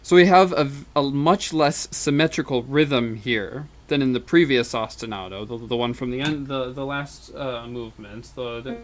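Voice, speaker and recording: A man's voice: mid-range voice, normal speed, few pauses. Man lecturing, humming rhythms aloud. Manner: explanatory, counts beats aloud and hums rhythms; frequent fillers and restarts. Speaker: music lecturer. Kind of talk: recorded university lecture.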